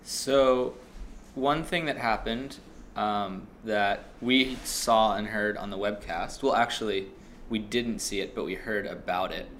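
A man's voice: fairly low pitch, unhurried, a bit bright, slight background noise. A man hosting a casual podcast chat, talkative and loose, swearing casually as he asks questions. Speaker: podcast host.

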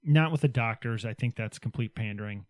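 A man's voice: medium pitch, a little fast, darkish tone, dry recording, clean studio sound. Wry, chatty man in casual talk. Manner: wry and chatty, with hedging asides. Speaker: podcast co-host. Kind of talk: casual political chat.

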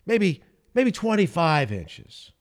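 A man's voice: sits high, big pitch swings, pitched above the performer's own voice, exaggerated voice. A man quoting an emphatic old baseball coach. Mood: mocking. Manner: deliberate, drawn-out emphasis.

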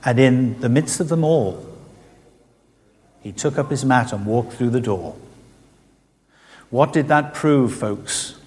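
A man's voice: medium pitch, takes it slowly, pauses often, darkish tone. A middle-aged man preaching a sermon, telling stories and asking rhetorical questions in an earnest manner. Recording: reverberant hall.

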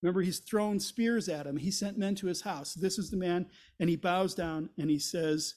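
A man's voice: high voice, normal speed, hardly any pauses, a little mellow. A man teaching through a Bible chapter as a pastor, retelling the story and paraphrasing the characters' words in everyday speech.

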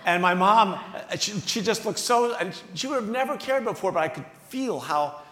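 A guest speaker in his sixties from the Philadelphia area tells an animated, self-mocking story on stage to a luncheon crowd. His voice is somewhat high at a moderate pace, recorded in a big banquet hall with a long, roomy echo.

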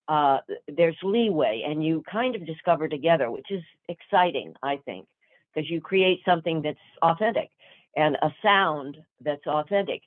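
Older female actress guest, lively and chatty, phone-like line, thin narrow sound. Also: sits low, no room sound. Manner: lively, chatty, full of fillers and restarts. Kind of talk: storytelling interview answers.

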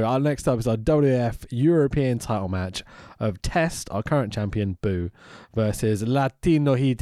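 A man casually co-hosting a podcast, excitable and sweary, laughing often as he recaps. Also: mid-range voice, moderate pace, few pauses, no echo, studio quality. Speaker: podcast co-host recapping wrestling. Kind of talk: casual chat.

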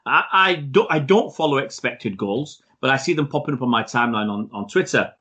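A man in a casual football podcast chat, speaking at a mid pitch. He is blunt and outspoken and does not soften his opinions. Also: animated, brisk, slightly rough. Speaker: podcast co-host.

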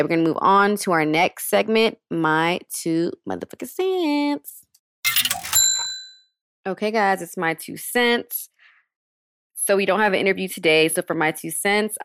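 A woman's voice: on the low side, no echo, clean studio sound. Frank, slangy young woman podcast host. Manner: frank and slangy, curses casually. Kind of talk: casual advice podcast talk.

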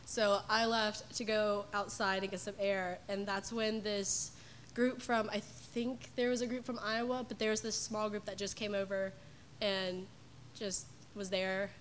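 A woman's voice: medium pitch, flat delivery, a little slow. Young woman, voice giving out, emotional hesitant testimony, faint room noise behind. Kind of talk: sharing testimony.

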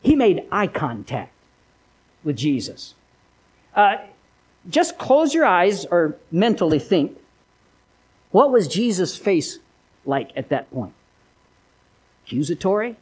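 A male pastor preaching a sermon in a dramatic storytelling way, swinging between loud emphasis and hushed, low lines. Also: breathy edge.

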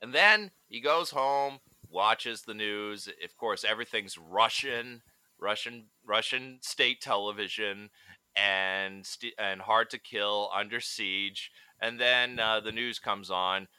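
Bright, crisp-voiced male podcast host. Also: fairly low pitch, slow pace, dry recording. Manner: laughs often, animated storytelling. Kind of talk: casual chat.

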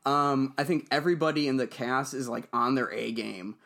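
A man's voice: medium pitch, steady tone, moderate pace, gravelly, pushed and bright. A young man with an ordinary mid-range voice. He chats eagerly about movies, with many restarts and fillers as he tries to find his words. His delivery has the easy, loose feel of a podcast conversation. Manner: rambling, full of likes and restarts, eager. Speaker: podcast co-host. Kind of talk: casual film discussion.

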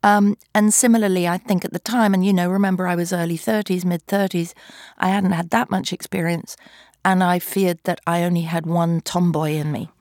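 A woman's voice: on the low side, steady tone, a little fast, darkish tone, no echo, clean studio sound. A middle-aged woman, a stage actor, giving thoughtful, articulate interview answers and sometimes searching for the right word.

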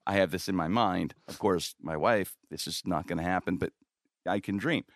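A middle-aged man hosting a show and telling a long story in casual chat. He is animated, swears freely and acts out the people in his tales. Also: sits low, normal speed, no room sound, clean studio sound. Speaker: show host.

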